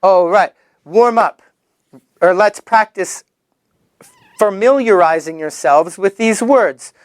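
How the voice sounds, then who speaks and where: A man teaching young children English vocabulary, sing-song and animated, drawing out and repeating each word. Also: sits high, no echo, clean studio sound. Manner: animated, sing-song, drawn-out repetition of words.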